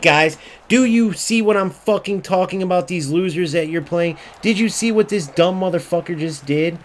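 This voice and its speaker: Over a faint hiss or hum, a medium-pitched man, a gaming YouTuber, rages through his gameplay. He curses, says the same things again and again, and mimics other players in a mocking voice.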